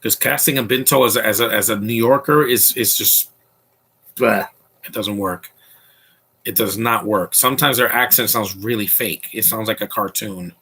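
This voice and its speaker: A man with a low, husky voice and a bright, forceful edge, giving casual movie commentary. He rambles and restarts often, airing blunt opinions as the film plays. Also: a little fast, few pauses. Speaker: podcast commentary host.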